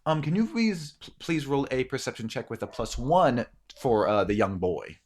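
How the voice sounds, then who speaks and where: A man's voice: mid-range voice, expressive, normal speed. A man narrating as game master in a tabletop role-playing game, telling the scene loosely with many ums and sniffs.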